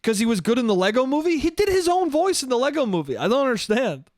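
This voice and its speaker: A young man with an extremely high, very animated voice talks fast in a solo comedic rant on his podcast. The delivery is profane and rambling, peppered with "dude."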